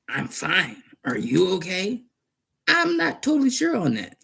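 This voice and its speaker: A man's voice: sits high, wildly swooping pitch, a little slow, vocal fry, a bit bright, breathy edge. A man rambling and cursing in a casual monologue, arguing back and forth with himself. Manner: profane, rambling, argues with himself.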